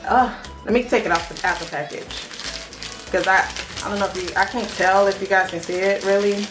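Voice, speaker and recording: A young woman vlogs casually, chatty and quick to get excited, calling out to her viewers as she talks. Her voice sits in a middle range. It rings around an echoey room, with faint music playing underneath. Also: mid-range voice. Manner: chatty and excitable, often addresses the viewers directly. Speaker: beauty vlogger. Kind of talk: casual unboxing chat.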